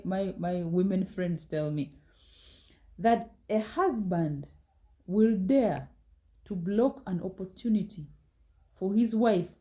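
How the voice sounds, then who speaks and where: A woman's voice: fairly low pitch, warm tone, poor audio. A woman giving a talk on relationships, direct and reproving, firing pointed rhetorical questions at her listeners. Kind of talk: scolding motivational talk.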